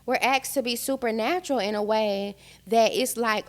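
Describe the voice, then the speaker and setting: A woman's voice: on the high side, normal speed. A young American woman on a podcast, candidly and emotionally telling her own story in casual chat. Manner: emotional, frank, animated retelling. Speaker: podcast guest.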